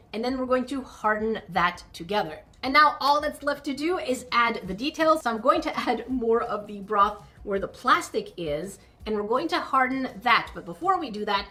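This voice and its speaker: A woman with a slightly high voice hosts a crafting vlog, chatting casually as she builds a project and gushing with excitement over tiny miniature items.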